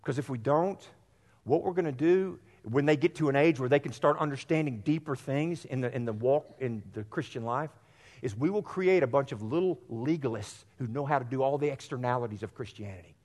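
Brisk and darkish in tone, this medium-pitched man preaches as pastor inside a church sanctuary, his words carried by long hall reverb. He is direct and earnest with the congregation and uses repetition for emphasis.

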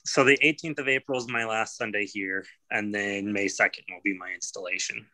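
A man's voice: fairly low pitch, fairly even intonation, brisk, sharp tone, dry recording, rough recording. A man who is a pastor, chatting casually with a friendly, self-deprecating manner and easy laughs. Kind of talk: casual chat.

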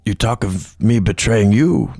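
A man's voice: on the low side, expressive, a little slow, creaky, darkish tone, no room sound, studio quality, heavily acted. A man voicing a sly old pirate father. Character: scheming older male alien pirate, a father.

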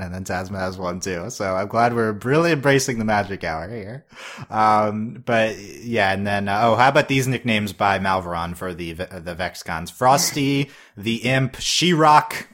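A man's voice: lowish voice, lively intonation, normal speed, fairly bright tone. A man hosting a casual podcast chat, rambling with lots of fillers and small chuckles. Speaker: podcast host.

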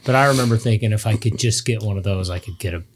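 A middle-aged man telling hunting stories on a podcast in casual chat, his voice jumping up high when he gets excited. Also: quick pace, husky. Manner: animated storyteller, voice jumps high when excited. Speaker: podcast guest.

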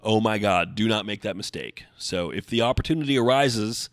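A man's voice: fairly low pitch, animated, moderate pace, no echo, studio quality. A man hosting his own podcast alone, talking casually and rambling with lots of fillers. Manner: chatty, rambling with many fillers. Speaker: podcast host. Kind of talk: solo podcast monologue.

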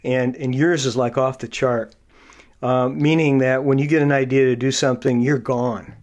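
Pria pembawa podcast yang banyak jeda. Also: male voice, mid-range voice, fairly even intonation, darkish tone, dull audio. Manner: halting, many fillers and restarts; explains behavior traits in a coaching tone. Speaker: podcast host. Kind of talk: casual interview.

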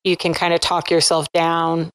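A young woman talks casually as a host, rambling through stories with fillers and a self-deprecating streak. Her voice sits a little low and sounds smooth and clear. The room is dry, with no echo. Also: monotone, normal speed, a bit bright. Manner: chatty storyteller, self-deprecating, many fillers. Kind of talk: casual conversation.

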